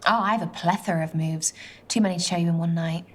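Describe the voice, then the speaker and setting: A woman as a teasing young date in a dating game, lowish voice, asks pointed stuff. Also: fairly even intonation, quick pace, close to an everyday voice. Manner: teasing, probing questions.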